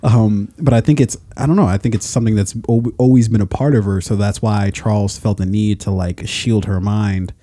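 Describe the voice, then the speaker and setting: A man co-hosting a casual podcast chat, swearing and laughing often and getting animated as he talks. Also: on the low side, fairly quick, few pauses, dry recording. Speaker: podcast co-host.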